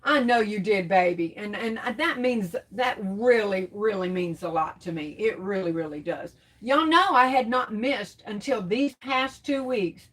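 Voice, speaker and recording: A middle-aged woman hosting a casual crafts livestream, reading out comments and answering them with terms of endearment. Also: medium pitch. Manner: warm terms of endearment, chatty, laughs often.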